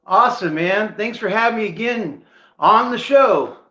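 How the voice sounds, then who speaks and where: A man's voice: high-pitched, expressive, normal speed, bright, forceful tone, reverberant, highs cut off, faint music behind. A man co-hosting a podcast, playful and showy in a casual chat. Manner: playful, showman-like introductions. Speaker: podcast co-host.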